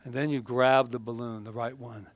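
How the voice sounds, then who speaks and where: A man giving a lively motivational talk with props, playful and laughing often, breaking into sudden exclamations. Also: mid-range voice, normal speed, no room sound.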